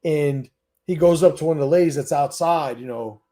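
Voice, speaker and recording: A man's voice: fairly high pitch, normal speed, mellow. Blunt, profane man hosting a stream. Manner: blunt, profane and emphatic, with repeated restarts. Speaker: host. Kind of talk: livestream Q&A monologue.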